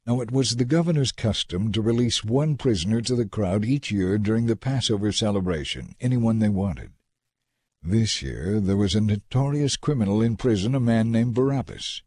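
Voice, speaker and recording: A man narrating scripture in a measured, dramatic reading. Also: lowish voice, expressive, darkish tone, breathy edge, dry recording, studio quality.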